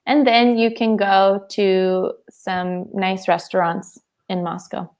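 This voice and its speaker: A woman helps lead a casual English webinar over a video call. She speaks at a slow pace and stops to think before she answers. She laughs easily. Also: mid-range voice, flat delivery, darkish tone. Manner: slow, thoughtful, giggly. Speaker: webinar co-host. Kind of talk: casual online English lesson.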